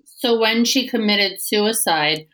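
A woman's voice: medium pitch, takes it slowly, sharp tone, poor audio. Sympathetic woman interviewer. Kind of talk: interview questions and responses.

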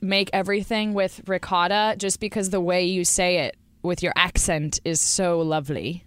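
A woman's voice: on the low side, steady tone, moderate pace, a bit bright, clear, resonant tone, no echo. A young woman hosting a casual interview, playful and teasing, with many giggly questions. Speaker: podcast host.

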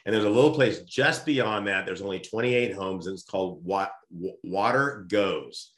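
A low-pitched man tells an animated personal story, stumbling and restarting as he goes. The room around him rings with echo. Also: brisk. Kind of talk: casual storytelling chat. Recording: roomy echo.

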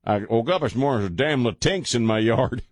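A man's voice: mid-range voice, expressive, a little fast, dry recording, studio quality. A man hosting a call-in radio show, joking and laughing often as he gives blunt opinions. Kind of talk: casual call-in radio talk. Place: radio studio.

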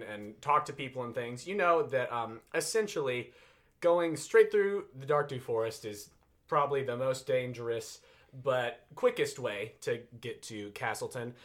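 A man's voice: medium pitch, lively intonation, unhurried, fairly bright tone. A man narrating as game master for a tabletop game, rambling and hesitant. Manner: rambling, hesitant, full of fillers.

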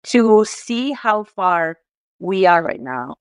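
A woman's voice: mid-range voice, sing-song, slow, clear, resonant tone, dry recording, clean studio sound. A woman from Mexico, a guest in an interview, talking in a heartfelt, tearful way with many restarts and fillers. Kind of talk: emotional conversational interview.

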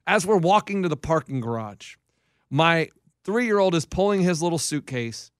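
High-voiced man telling lively stories. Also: moderate pace, clean tone, dry recording, clean studio sound. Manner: animated storyteller acting out his kids. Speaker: podcast co-host. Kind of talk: casual chat.

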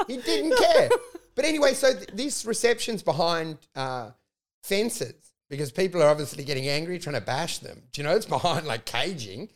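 A man's voice: high voice, brisk. A man telling a rambling story in casual chat, swearing a lot and acting out what people said. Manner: profane, animated storytelling with acted-out quotes. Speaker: comedian.

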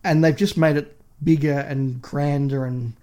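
A man's voice: a little high, fairly even intonation, measured pace, mellow. A man co-hosting a podcast, reviewing in casual chat with a passionate, opinionated ranting manner. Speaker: podcast co-host.

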